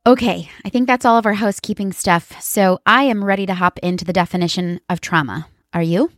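A woman's voice: mid-range voice, fairly even intonation, a little fast, a bit bright. Earnest woman therapist hosting a podcast. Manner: earnest, explanatory, addresses listeners directly. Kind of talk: educational podcast talk.

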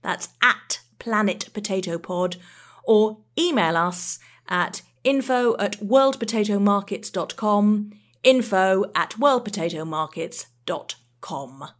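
Woman podcast co-host, chatty and brisk. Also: mid-range voice. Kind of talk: podcast presenting.

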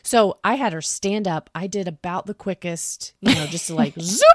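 A young adult woman co-hosting a podcast, telling a family story in an animated, chatty way full of "like.". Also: fairly low pitch, normal speed, dry recording. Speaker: podcast co-host. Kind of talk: casual storytelling chat.

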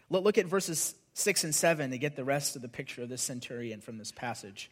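A man's voice: a little high, a bit bright. A man preaching a sermon as pastor, earnestly explaining scripture with frequent tag questions and repeated words. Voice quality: repeats words when starting phrases.

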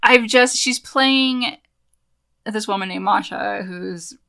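A woman co-hosting a chatty podcast, her voice bright and forward. She talks in quick bursts of animated chat, laughs often, and circles back to finish her thoughts. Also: medium pitch, creaky, smooth. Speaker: podcast co-host. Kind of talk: casual chat.

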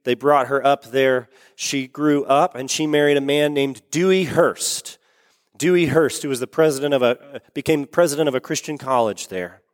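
A man's voice: mid-range voice, moderate pace. A man preaching a sermon, telling a story earnestly and repeating words for emphasis. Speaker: pastor. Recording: long reverb of a large hall.

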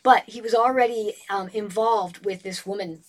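A woman in a casual book discussion, retelling a novel as an animated storyteller and reading passages aloud. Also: mid-range voice, normal speed.

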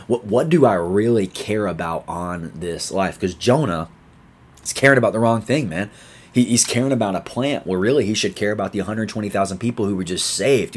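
A man's voice: sits low, husky. A man reading scripture aloud and then unpacking it in a casual, slangy devotional style with emphatic asides. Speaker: Bible teacher.

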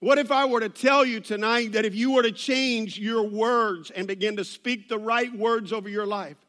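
A man preaches a sermon to a church congregation. His voice sits high for a man. He talks in a loose, conversational way, with joking asides and rambling restarts. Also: steady tone, normal speed, fairly bright tone. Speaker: pastor.

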